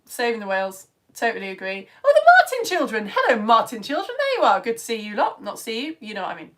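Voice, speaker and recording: Bubbly woman teacher, higher voice. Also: very animated, fast talker, fairly bright tone. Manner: bubbly, chatty, exclaiming names. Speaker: children's science teacher. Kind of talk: live-stream chat reading out viewer comments. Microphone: phone.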